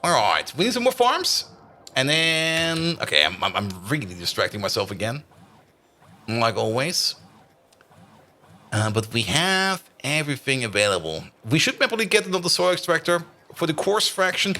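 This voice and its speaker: Lively, bright-voiced male game streamer. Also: on the high side, normal speed. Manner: chatty, laughs often, greets chat. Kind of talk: casual live-stream game commentary.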